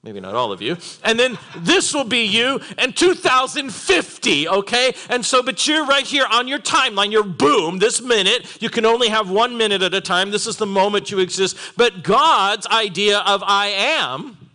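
Animated, bright-voiced male preacher. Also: high voice, normal speed. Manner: animated, laughing asides, acts out voices in quotes. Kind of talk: sermon. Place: church.

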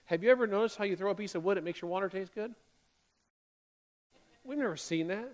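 Male pastor, high-pitched, lively sermon delivery with playful acted-out asides. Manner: animated, acts out the grumbling Israelites in quick excited bursts.

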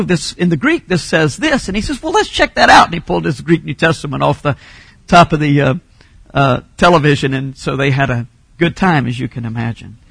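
A man preaching a sermon as a pastor, teaching Bible points and rising to emphatic shouts on key phrases. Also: on the high side, creaky, breathy edge, no room sound.

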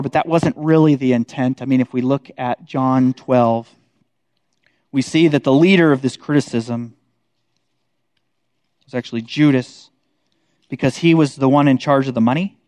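A man leads a casual Bible study, talking conversationally, often checking in with his listeners, and tagging many lines with "like" and "right?" His voice is medium-pitched and darkish, at a moderate pace with frequent pauses, and the recording has no room sound.

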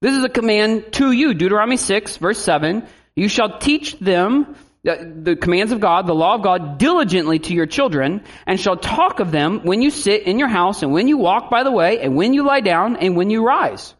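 A man preaching a sermon as a pastor, in a lively style with animated asides. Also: high voice, moderate pace.

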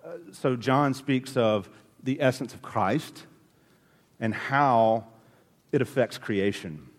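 A man's voice: medium pitch, takes it slowly. Pastor guy preaching, emphatic, voice rings out in a big hall. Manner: emphatic preaching with rising and falling delivery. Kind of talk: sermon.

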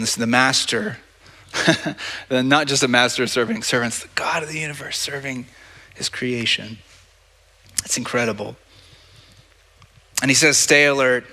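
Bright-voiced pastor preaching casually. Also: male voice, mid-range voice. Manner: conversational, repeats words, asks "right?" often. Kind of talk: sermon. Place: church service. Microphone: handheld or stage mic.

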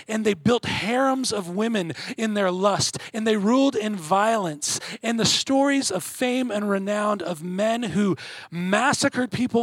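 Husky, high-voiced male preacher. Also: dry recording. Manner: earnest preaching, swells louder on key points then drops quiet. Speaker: pastor. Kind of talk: sermon.

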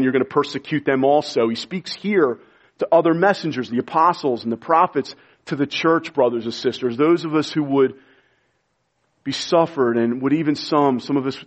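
Man preaching to a congregation, fervent and pleading, recorded on muffled low-fidelity audio. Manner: impassioned, pleading preaching with sudden quiet drops. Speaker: pastor. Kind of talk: sermon.

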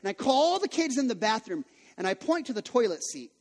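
A male pastor in his thirties delivers a sermon with a notably high voice, mixing personal stories with repeated rhetorical questions. His voice rings out with a long hall reverb, as if in a church auditorium. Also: very animated, moderate pace. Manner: conversational storytelling with rhetorical questions.

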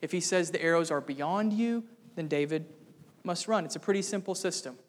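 A man preaching an expository sermon as pastor, emphatic, with sudden dramatic rises in pitch and volume. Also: fairly quick. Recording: long hall reverb.

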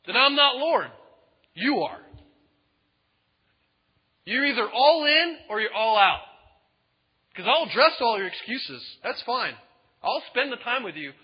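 A male preacher voicing an exasperated, demanding God who loudly rebukes a reluctant listener. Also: medium pitch, lively intonation, normal speed, highs cut off, pitched below the performer's own voice, natural voice. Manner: loud, rebuking, insistent.

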